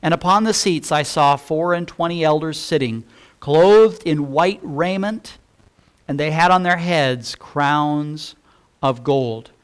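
Male pastor, sermon delivery; slightly raised pitch, slow, emphatic scripture reading. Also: clean tone. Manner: deliberate, emphatic scripture reading with repeated phrases.

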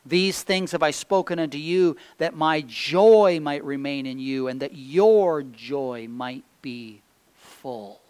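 A man preaching a sermon, reading scripture aloud and swinging between loud emphatic peaks and hushed low phrases. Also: smooth. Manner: slow, deliberate delivery reading scripture aloud.

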